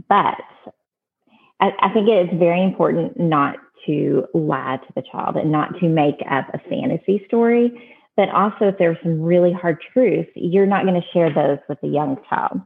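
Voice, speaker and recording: Low gravelly woman on a phone-like line. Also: moderate pace. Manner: earnest, plainspoken, with restarts. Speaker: adoption advice guest. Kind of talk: casual advice talk. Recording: phone-like narrow band.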